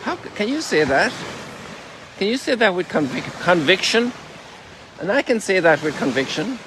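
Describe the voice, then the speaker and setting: A man with a somewhat high voice walks along a lakeshore at sunrise, sharing a spiritual reflection as a priest. He dwells on scripture slowly and with emphasis, and breaks off now and then in wonder. Wind and surf are clearly heard behind him. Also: sing-song. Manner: strolling while talking. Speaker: Catholic priest.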